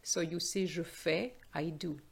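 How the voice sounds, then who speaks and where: A French woman teaching a language lesson, modelling phrases, translating them, and announcing each question number clearly. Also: on the low side, steady tone, a little slow. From France. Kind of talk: slow explanatory language lesson.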